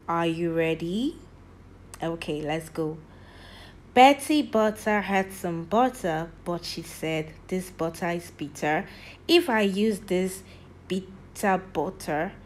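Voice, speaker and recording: A woman teaching young children their vowel sounds, speaking at an extremely slow, deliberate pace. Her voice sits in a middle pitch for a woman. She says each sound and example word over and over, stretching the vowels out for little learners. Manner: slow, drawn-out, repeats each sound several times. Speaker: primary school teacher. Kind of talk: phonics lesson for young children.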